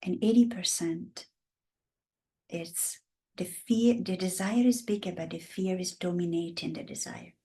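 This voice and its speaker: Steady, unhurried, and mellow, this lowish female voice belongs to a women's coach from Italy in her fifties. Speaking with an Italian accent as a guest in a casual interview, she's passionate and voices the women she describes.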